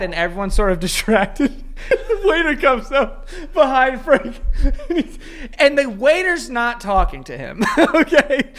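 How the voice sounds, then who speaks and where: Young male podcast co-host, animated teasing storyteller with a lively voice that swings up and down. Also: high voice. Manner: animated, laughing through his own stories, teasing. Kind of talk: casual comedic storytelling.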